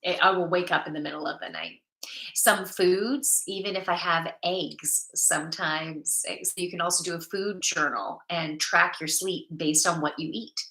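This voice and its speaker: A middle-aged woman hosts a casual livestream, chatting and reading viewer comments aloud. Her voice sits on the low side and sounds bright and forceful, with fairly even intonation at normal speed. The room is echoey.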